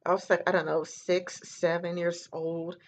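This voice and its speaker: A woman's voice: lowish voice, little pitch movement, normal speed. A woman talking straight to camera in a casual opinion monologue, rambling and earnest, with lots of "you know" and "like". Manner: earnest, lecturing. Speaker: vlogger.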